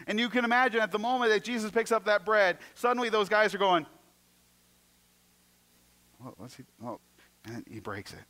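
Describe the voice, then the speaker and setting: A man preaching a sermon, retelling stories with acted-out voices and moving between emphatic passages and hushed ones. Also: high-pitched, lively intonation, quick pace, few pauses. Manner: storytelling, acting out scenes in varied voices; swings from loud and emphatic to hushed. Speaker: pastor.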